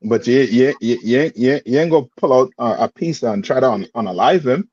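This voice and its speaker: In a dull, dry recording, a male religious teacher talks fairly quickly and animatedly in a medium-pitched voice that is a little mellow and slightly rough. He leans on streetwise phrasing and repetitive questioning with his class.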